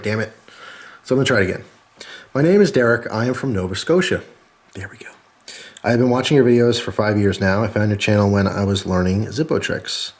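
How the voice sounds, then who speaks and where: A man hosting his channel, reading viewer holiday cards aloud in a chatty, joking way and thanking each sender. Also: lowish voice. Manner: chatty, jokey, thanks readers warmly. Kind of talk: casual chat.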